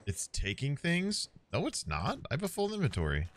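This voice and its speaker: A man streaming a game, chatting casually to his viewers, excitable and swearing often. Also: fairly high pitch, normal speed, faint music behind. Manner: excitable, swears a lot, talks to chat.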